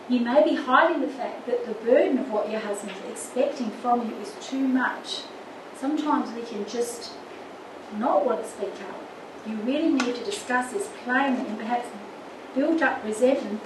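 An older woman with a high voice teaches a church marriage course, earnest and full of anecdotes. She sounds far from the mic in an echoey room with steady background noise. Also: normal speed. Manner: earnest, with lively anecdotes and acted quotes.

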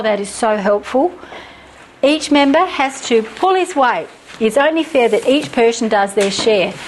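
A woman's voice: fairly high pitch, slight background noise, poor audio. A middle-aged woman teaching Christian parenting from her notes, earnest and practical, with chatty personal asides.

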